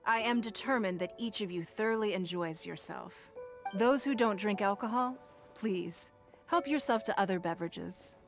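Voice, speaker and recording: An actress voicing a composed, gracious woman leader in a video game, speaking in a formal, measured, courteous way. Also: mid-range voice, soft background music, close to an everyday voice. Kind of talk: game voice acting.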